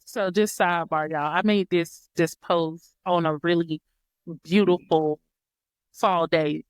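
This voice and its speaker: A woman's voice: fairly low pitch, steady tone, takes it slowly, clean tone, no room sound, studio quality. Laid-back joking woman guest. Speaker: podcast guest. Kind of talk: casual chat.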